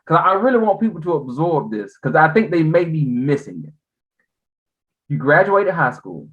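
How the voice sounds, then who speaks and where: A man's voice: on the high side, sing-song, normal speed, narrow, tinny audio. A male podcast host who breaks in with emphasis to sum up the guest's story for listeners. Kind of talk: interview chat.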